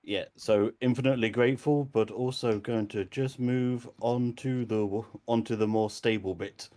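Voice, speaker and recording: A man's voice: medium pitch, fairly even intonation, normal speed, mellow. A man playing in a tabletop game, chatting casually and chuckling between lines. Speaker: player.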